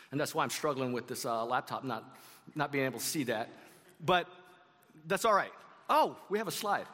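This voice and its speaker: Man, pastor, conversational sermon, bright tone, reverberant church hall. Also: high voice. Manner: conversational preaching with asides to the congregation. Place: church sanctuary.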